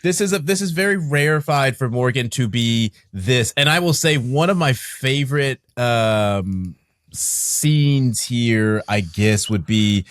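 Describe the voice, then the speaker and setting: A man's voice: medium pitch, animated, slow, no room sound, clean studio sound. A man co-hosting a podcast, talking casually about movies with many fillers and asides. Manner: talkative, lots of fillers and asides. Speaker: podcast co-host.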